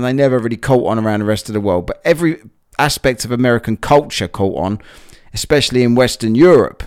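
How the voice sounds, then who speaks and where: A man's voice: mid-range voice, a little mellow, clean tone. A man hosting a casual solo podcast, rambling and chatty with lots of fillers, a bit out of breath after a workout. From England. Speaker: podcast host.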